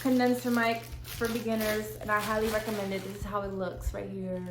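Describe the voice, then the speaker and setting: A woman's voice: medium pitch, flat delivery, a little fast. A young woman, gushing and slangy as she unboxes gear in a casual vlog. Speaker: vlogger. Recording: echoey room, faint hiss.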